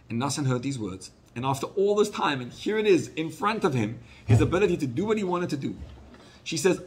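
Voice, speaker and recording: Rabbi telling a story with lively voices. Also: male voice, fairly quick, husky. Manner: animated storyteller, acts out quoted voices, drops low for sad parts. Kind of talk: storytelling sermon.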